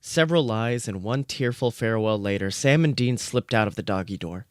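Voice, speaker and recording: A man reading out comic fan fiction in a dry, deadpan narrating voice. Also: on the low side, a little fast, hardly any pauses, dry recording.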